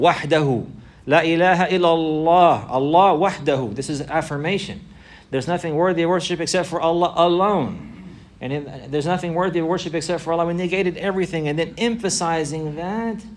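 A man teaching a religious lesson, repeating key phrases for emphasis and reciting Arabic phrases quickly. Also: a little high. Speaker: Islamic teacher.

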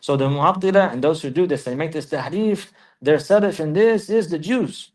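A man giving a religious lesson, repeating key phrases for emphasis and reciting Arabic verses quickly. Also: fairly high pitch, a little mellow, poor audio. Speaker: Islamic teacher.

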